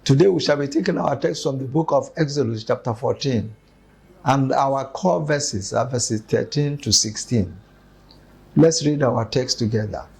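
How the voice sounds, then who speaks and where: A man leading a weekly devotion, preaching in a measured, emphatic way and reading scripture aloud. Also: medium pitch, gravelly, darkish tone, slightly rough, low-quality recording.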